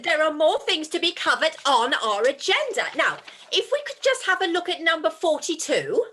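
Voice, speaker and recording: A woman playing a brisk, bossy chairwoman in an amateur pantomime, keeping the agenda moving. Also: high voice, very animated, bright, forceful tone, full character voice.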